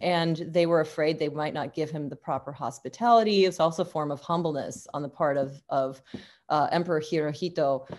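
A woman's voice: low-pitched, brisk, a little mellow. A woman giving a university lecture, talking without a script, with frequent fillers and restarts.

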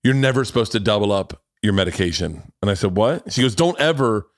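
Rambling, profane podcast host, low voice. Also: male voice, fast talker, dry recording, studio quality. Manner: rambling, laughing at his own stories, profane. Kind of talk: casual storytelling chat.

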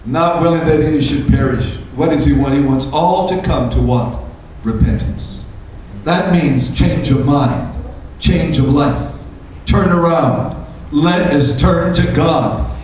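A man preaches in a church, his voice sitting high and climbing with fervor as he fires off rhetorical questions. The sound carries a heavy room echo, and he stands some way from the mic. A faint hiss runs underneath. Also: lively intonation, takes it slowly, a little mellow, far from the mic. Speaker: pastor. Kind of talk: sermon.

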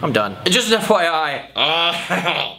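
A young YouTuber rambles in playful blooper takes and keeps tripping over his own words. His voice sits a bit high with a bright edge. His pitch bounces all over the place. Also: very animated, slow, vocal fry, slight background noise. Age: young adult. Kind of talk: casual vlog bloopers.

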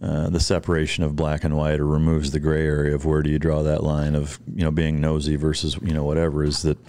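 A man hosting a podcast, speaking in a casual, halting, profane way with many fillers and restarts. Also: rumbling low, monotone, mellow. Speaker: podcast host.

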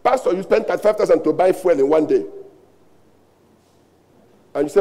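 Pastor, Nigerian-accented man, high voice with a gravelly edge; emphatic sermon delivery, lots of repetition. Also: normal speed, dark tone. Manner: emphatic preaching with rhetorical questions and repetition.

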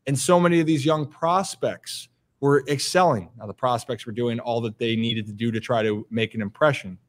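A man's voice: mid-range voice, normal speed. Man asking long rambling questions. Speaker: podcast host. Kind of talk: casual interview.

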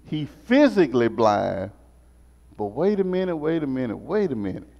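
A man teaching a Sunday school lesson as a sermon, animated and repetitive in a call-and-response style. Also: medium pitch, normal speed, gravelly. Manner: animated, call-and-response preaching, repeats phrases. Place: church sanctuary. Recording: muffled sound in a reverberant church.

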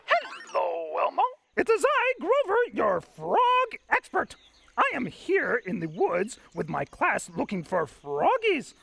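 Gravelly pompous furry monster. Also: male voice, high voice, huge pitch swings, measured pace, a bit bright, exaggerated voice. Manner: formal, no contractions, overly confident. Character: blue furry monster, pompous bumbling self-declared expert.

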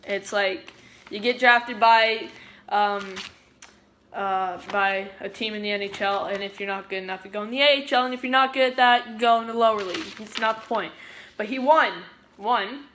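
A woman's voice: medium pitch, fairly even intonation, normal speed, a bit bright, slight background noise. A woman giving a casual fan presentation as a vlogger, chatty and digressive, stopping often to explain terms. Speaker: vlogger presenting a hockey player.

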